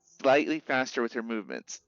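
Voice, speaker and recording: Young guy rambling about a game, lively storyteller, dull dry lo-fi mic. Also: medium pitch, fairly quick, dry recording. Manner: animated storyteller, acts out quotes in voices. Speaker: streamer. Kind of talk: casual chat about a video game.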